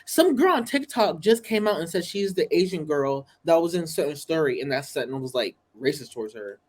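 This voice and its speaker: A blunt co-host gives strong opinions on a reality TV episode and swears without holding back. The voice is animated, rising and falling a lot in pitch as the points land. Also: a little fast. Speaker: podcast co-host. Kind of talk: casual reality TV recap chat.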